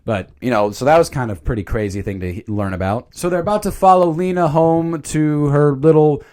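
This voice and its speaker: A man's voice: a little high, brisk. A man reviewing a movie in a casual, jokey commentary. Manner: animated, jokey, slips into silly voices.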